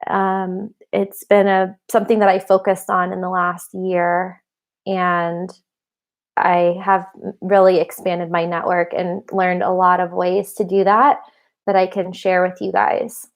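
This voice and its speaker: A woman's voice: fairly low pitch, flat delivery, a little slow, creaky. A woman in her thirties hosting a casual livestream and answering viewers' questions. She rambles through chatty asides, laughs often and sounds a little tired. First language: English. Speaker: livestream host.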